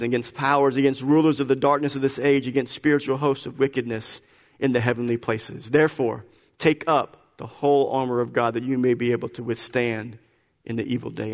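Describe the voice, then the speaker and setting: A man's voice: medium pitch, in a large hall. A man preaching a sermon as pastor, emphatic and repeating his phrases, often restarting words. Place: church sanctuary.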